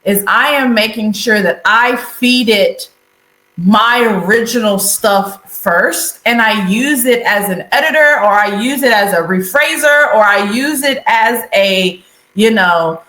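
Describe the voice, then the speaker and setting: A woman guest talking about her consulting work in an interview, animated and laughing often. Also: mid-range voice, unhurried, reverberant, low-quality recording. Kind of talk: conversational interview.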